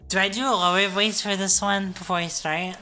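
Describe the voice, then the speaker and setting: A woman's voice: mid-range voice, fairly even intonation, brisk, bright, forceful tone, soft background music. A tipsy woman streamer chatting casually with viewers on a livestream, giggly and self-deprecating.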